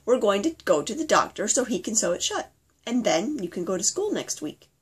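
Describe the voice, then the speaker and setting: A woman reading her father's soothing words to his hurt little girl, soft and gentle. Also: medium pitch, sing-song, brisk, husky. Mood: reassuring. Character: gentle reassuring father comforting his child.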